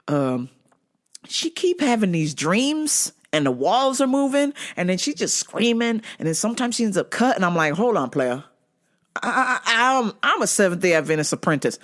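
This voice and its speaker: A woman hosting a show, ranting in a casual, comic way with lots of swearing, high shrieking laughter and acted-out quotes. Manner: profane, animated, bursts into high shrieking laughter; acts out voices in quoted asides. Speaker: podcast host. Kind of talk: casual comedic rant.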